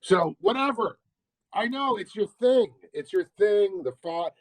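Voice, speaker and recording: A man's voice: high voice, expressive, a little slow, dry recording, rough recording. A man hosting a casual livestream, mocking and laughing, sometimes breaking into a sing-song parody chant. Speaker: livestream host.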